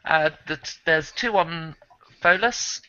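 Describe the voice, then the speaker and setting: A man's voice: fairly high pitch, takes it slowly, sharp tone, clear, resonant tone, muffled recording. A man running a tabletop role-playing game as game master, laughing often and poking fun at himself. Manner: laughs often, self-mocking.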